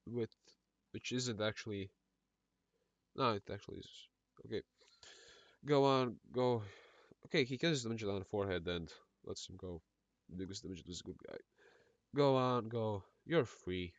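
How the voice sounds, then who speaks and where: A man's voice: on the low side, unhurried, pauses often, no room sound, lo-fi sound. A man with an Eastern European accent reading a film script aloud for laughs, doing every part and stumbling over words with side comments. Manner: reads all parts in one voice, stumbling over words and adding asides. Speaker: script reader. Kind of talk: comedic script read-through.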